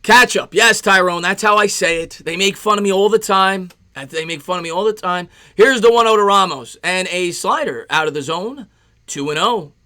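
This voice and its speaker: A man doing casual play-by-play on a live stream, chatting with viewers between pitches. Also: normal speed, pushed and bright. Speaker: live-stream sports host.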